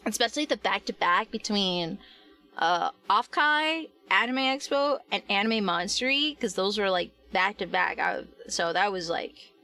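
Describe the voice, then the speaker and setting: A woman's voice: mid-range voice, moderate pace, few pauses, sharp tone, soft background music. A young adult woman chatting casually on a live stream while she works, rambling with lots of fillers and restarts and answering her chat.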